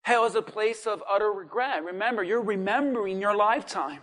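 A male pastor preaching a sermon, acting out the cries of people with sudden shouts. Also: high voice, brisk. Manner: dramatic, acts out voices of people in hell.

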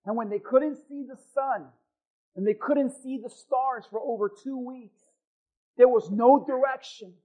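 High-voiced, slow preaching man. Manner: dramatic preaching, swings from loud to hushed. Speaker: pastor. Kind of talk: sermon. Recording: thin phone-like sound.

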